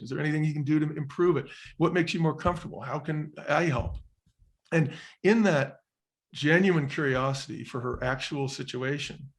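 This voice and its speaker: Earnest man telling a personal story. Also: mid-range voice. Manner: earnest, reflective storytelling with acted-out quotes. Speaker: interview guest, former restaurant chain executive. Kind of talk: storytelling in a podcast interview.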